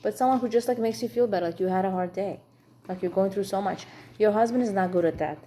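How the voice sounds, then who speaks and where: A woman's voice: medium pitch, quick pace, dark tone, a little hiss or hum. A woman teaching an informal class for women on marriage, chatty and frank, with humor.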